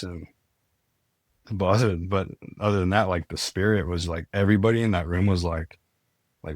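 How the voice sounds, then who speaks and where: A young man with a very low, deep voice tells his story as a podcast guest. He talks casually and earnestly, often pausing on "like" and restarting his sentences. The sound is dry and close. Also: level tone, no echo. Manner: earnest, many "like" fillers and restarts.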